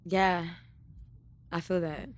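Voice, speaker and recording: A woman's voice: on the low side, little pitch movement, slow pace, no echo. A woman from Houston with a Texan accent, a guest singer chatting casually and laughing on a podcast. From Houston, Texas. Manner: laid-back, laughing, short replies.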